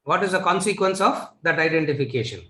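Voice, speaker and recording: A man's voice: a little high, animated, fast talker, sharp tone, roomy sound, poor audio. A man with a Tamil-influenced Indian English accent gives a spiritual lecture. He repeats his key lines and asks the listeners rhetorical questions. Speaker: Vedanta teacher.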